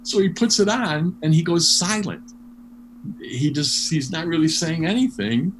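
A man telling a story in an interview, animated and full of restarts and fillers. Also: a little high, measured pace. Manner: animated, many restarts, laughs while telling. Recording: noisy background hum.

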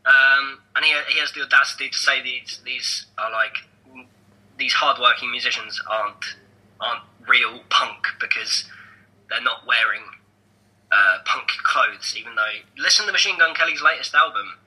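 A young man chatting on a podcast, his voice very bright and forward. He rambles, trips over his words and restarts, getting animated as he goes. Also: medium pitch, normal speed, poor audio. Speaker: podcast co-host. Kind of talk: casual podcast chat.

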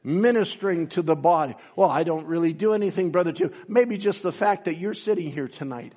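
A man's voice: a little high, a little fast, darkish tone. Fervent preacher man, lo-fi recording. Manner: fervent, rising and falling emphasis. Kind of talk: sermon with read-aloud quotes. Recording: dull lo-fi sound.

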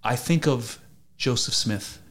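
A man's voice: medium pitch, takes it slowly, a bit bright. A man in a casual conversation, telling a personal story and speaking frankly, with some casual swearing. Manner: frank, blunt, tells stories, swears casually.

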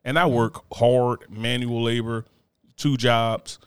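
A man co-hosting a podcast, chatting casually with animated, profane banter. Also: medium pitch, slow pace, smooth, dry recording. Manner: animated, profane, laughing asides. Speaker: podcast co-host.

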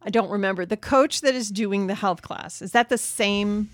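A woman co-hosting a casual movie review chat, relaxed and hesitant with frequent ums. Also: medium pitch, normal speed, dry recording, clean studio sound. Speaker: podcast co-host.

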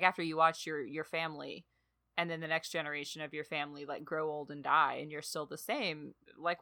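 Woman, lowish bright voice, dry close sound, casual book chat, thoughtful. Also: dry recording. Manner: thoughtful, hedging with fillers. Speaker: book discussion co-host.

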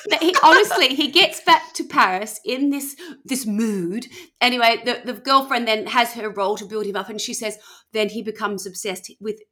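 Bright-voiced woman telling a story. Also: fairly high pitch, normal speed. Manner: chatty, laughs often, acts out quoted people. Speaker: podcast host telling a story. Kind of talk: casual storytelling chat.

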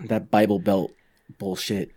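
A man from Virginia in casual podcast chat, talking earnestly and haltingly with many fillers. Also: fairly low pitch, little pitch movement, a little mellow. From northern Virginia, USA. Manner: earnest, halting, many "you know" fillers, swears when riled.

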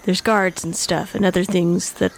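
A woman's voice: lowish voice, steady tone, moderate pace, a little hiss or hum. A woman player in a casual tabletop game chat who thinks aloud and talks with plenty of fillers.

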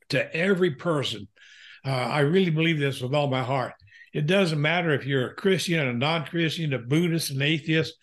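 Male counselor guest, somewhat high voice, earnest preacherly storyteller with frequent uh fillers. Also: fairly bright tone. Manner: earnest and preacherly, with many "uh" fillers, quotes scripture. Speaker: Christian counselor and author, interview guest. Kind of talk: heartfelt interview storytelling.

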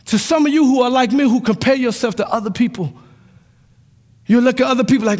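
A male pastor preaching a sermon with passion, dropping to a hush and rising to shouts, sometimes half-singing his lines. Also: very high voice, brisk. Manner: impassioned preaching, swings from hushed to shouting, half-sung lines. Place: church sanctuary. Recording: long hall reverb.

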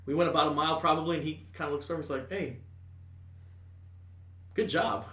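A man's voice: fairly high pitch, brisk, sharp tone, distant mic. A man telling a crude story in casual talk, rambling and full of asides. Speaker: storyteller guest. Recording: echoey room, a bit off-mic.

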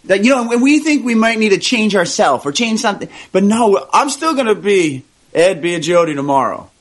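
Guy with a high voice on a radio talk show, rambly and casual, likes saying like. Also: animated, brisk. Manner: loose, chatty, filler-heavy. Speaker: radio co-host.

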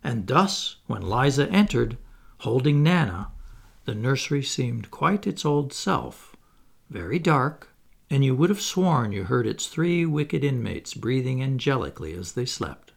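A man narrating a children's classic aloud in an expressive storybook reading. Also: medium pitch, unhurried, creaky. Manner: expressive, animated. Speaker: audiobook narrator.

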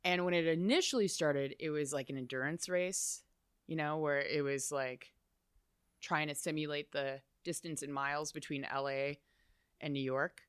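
Chatty guest from Chicago, smooth voice. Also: medium pitch, moderate pace, no room sound, studio quality. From Chicago, USA. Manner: chatty, rambling, full of "like" asides. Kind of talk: casual storytelling interview.

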